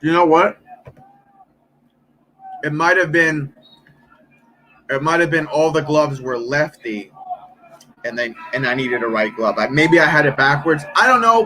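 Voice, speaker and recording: A man in his thirties, chatting casually on a live stream, telling a story with lots of swearing and quick impressions of other people. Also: on the high side, noisy background. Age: 30s. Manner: profane, animated storytelling, mimics others.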